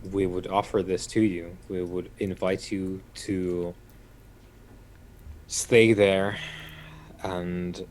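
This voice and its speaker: A man's voice: sits low, little pitch movement, slow, long pauses, darkish tone, slight background noise. A man playing a character in a tabletop game, speaking formally and unhurriedly with hesitations. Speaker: player.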